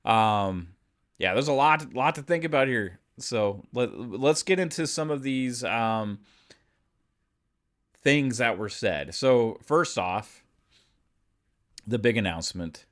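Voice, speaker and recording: A man's voice: mid-range voice, animated, takes it slowly, pauses often, fairly bright tone. A man hosting a podcast, giving casual commentary and thinking aloud as he reads the news. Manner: conversational, thinks aloud while reading news. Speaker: podcast host.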